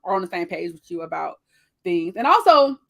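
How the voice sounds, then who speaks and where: A woman with features chatting casually on a panel, acting out what people say in lively voices. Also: lowish voice, a little fast, vocal fry. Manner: animated, quotes people in voices.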